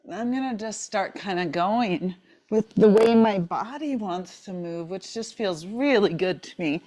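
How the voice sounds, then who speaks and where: A woman teaching a yoga class while moving along with it, out of breath, encouraging and relaxed, often repeating "right?" and "maybe you're here.". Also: medium pitch, measured pace. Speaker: yoga instructor. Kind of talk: guided yoga class instruction.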